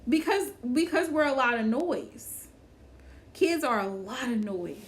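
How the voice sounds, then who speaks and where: A woman's voice: high-pitched, animated, measured pace. A woman hosting a casual livestream chat, talking to viewers by name, repeating her phrases and laughing often. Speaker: livestream host.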